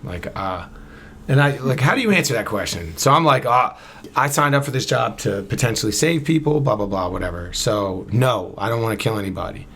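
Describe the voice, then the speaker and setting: A man's voice: mid-range voice, animated, brisk, fairly bright tone, slight background noise. A man in his thirties from Camden, New Jersey, a podcast guest casually telling a long story and acting out both sides of the conversation. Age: 30s.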